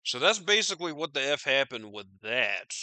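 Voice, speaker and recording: A man's voice: medium pitch, very animated, normal speed, pushed and bright, no echo. A man hosting a podcast, riffing on news in a profane, rambling, incredulous way. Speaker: podcast host. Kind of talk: casual news commentary.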